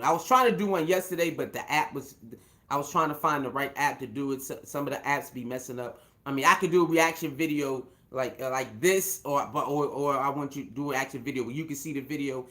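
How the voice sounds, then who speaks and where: A man's voice: mid-range voice, a little fast, fairly bright tone. A man hosting his own show, giving rambling casual commentary full of fillers, repeated words and restarts, and chuckling now and then. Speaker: show host.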